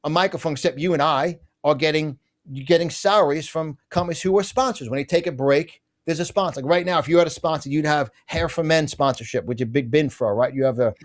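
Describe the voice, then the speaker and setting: Fiery middle-aged man ranting. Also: on the high side. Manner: emphatic ranting, rapid asides and restarts. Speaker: guest, conservative business publisher. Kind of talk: fiery political interview talk.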